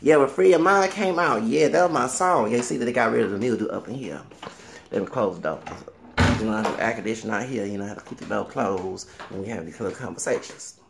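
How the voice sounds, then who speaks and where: A man's voice: fairly low pitch, fast talker, gravelly, background noise. A man, rambling on in a solo vlog and breaking into exclamations. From Southern US. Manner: animated, breaks into singing and exclamations. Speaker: vlogger. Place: small room at home.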